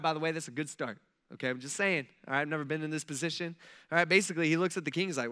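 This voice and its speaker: A man's voice: a little high, rapid-fire, pushed and bright, smooth. A man preaching a sermon in a conversational style, full of asides to his listeners. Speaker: pastor. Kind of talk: casual sermon.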